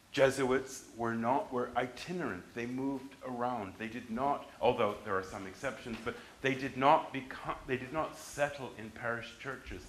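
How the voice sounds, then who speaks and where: A man's voice: mid-range voice, a bit bright, echoey room, a little hiss or hum, rough recording. A man giving a university history lecture, emphatic and restarting his sentences as he explains.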